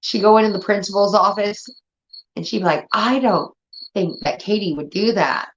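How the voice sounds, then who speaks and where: A woman's voice: medium pitch, moderate pace. A woman in her thirties telling family stories in casual, profane talk, acting out her relatives. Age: 30s. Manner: profane, animated, acts out family members. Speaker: streamer. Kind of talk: casual storytelling. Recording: dull lo-fi audio.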